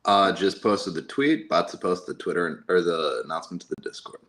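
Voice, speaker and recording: An American man co-hosting a casual livestream, speaking in a measured, announcing way. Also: low voice, a bit bright, a little hiss or hum. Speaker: livestream co-host.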